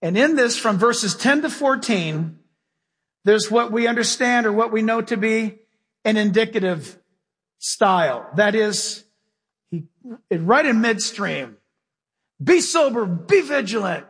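A man's voice: sits high, measured pace, fairly bright tone, slightly rough. A man preaching a sermon to his congregation in a church, folksy and emphatic, often firing questions straight at his listeners. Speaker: pastor. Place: church sanctuary with a live congregation. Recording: long hall reverb.

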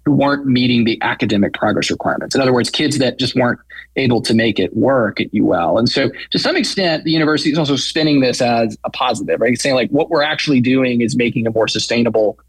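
Fast-talking husky man explaining. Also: medium pitch, no echo, rough recording. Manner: fast, explanatory, many fillers. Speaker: local news founder, guest. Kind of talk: radio interview analysis.

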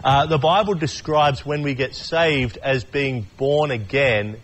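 A man's voice: medium pitch, unhurried, slight background noise. A man giving a casual sermon, chatty and joking, acting out quotes and often restarting his sentences. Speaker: preacher.

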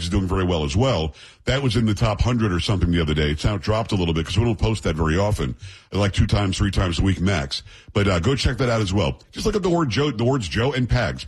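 Husky-voiced chatty radio host man. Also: on the low side. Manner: chatty, jokey banter with sidekick. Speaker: radio talk show host. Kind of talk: casual radio talk.

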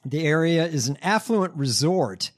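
A man's voice: fairly high pitch, expressive, a little slow. A man co-hosting a casual political chat show, reading news items aloud with wry, irreverent asides.

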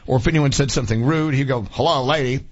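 Middle-aged male morning-show host, husky, chatty storyteller, dull lo-fi sound. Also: medium pitch, rapid-fire, a little mellow. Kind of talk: casual radio talk.

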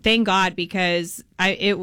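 A woman talking as a guest with laryngitis, her voice hoarse, chatting easily and laughing often. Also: on the low side, steady tone, a little slow, fairly bright tone, no room sound. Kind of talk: casual chat.

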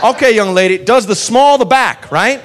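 Jaunty Southern lawman, folksy and high-spirited, done by a man. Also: normal speed, fairly bright tone. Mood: cheerful. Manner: folksy, cheerful drawl. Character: big jaunty male Southern cop, breezy and unflappable.

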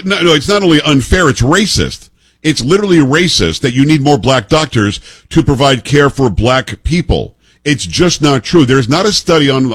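A man's voice: medium pitch, husky, dry recording. A man in his fifties hosting political commentary, emphatic and sarcastic, firing off pointed rhetorical questions. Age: 50s.

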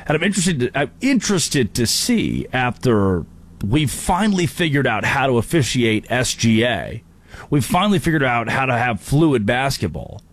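Man, sports talk host, animated monologue, playful, mid pitch. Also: husky. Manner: animated, jokey, tosses in brief impressions.

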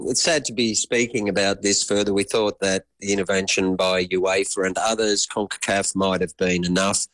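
Australian guy, deep voice, earnest, keeps restarting, dry sound, live guest on the news. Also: a bit bright, no room sound. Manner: earnest, halting, many restarts. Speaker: guest analyst. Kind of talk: live interview answer.

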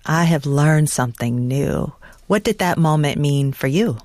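Low-voiced woman interviewer. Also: animated, measured pace, a little mellow, no room sound, clean studio sound. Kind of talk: interview questions.

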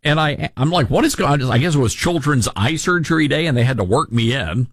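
A man's voice: medium pitch, lively intonation, brisk, no echo, studio quality. A man hosting a podcast, telling a rambling, self-deprecating story in a casual chat. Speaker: podcast host.

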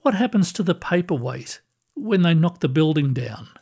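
A man voicing a gentle older woman, a retired cleaner, who speaks softly and sounds bewildered. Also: a little high, sing-song, normal speed, husky, exaggerated voice. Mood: wondering. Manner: soft, wondering, bewildered.

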